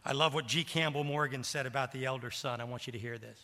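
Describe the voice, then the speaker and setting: A man preaching a sermon in a church, animated and voicing the characters' words, repeating phrases for emphasis. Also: medium pitch, quick pace, hardly any pauses. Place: church sanctuary. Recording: long reverb of a large hall.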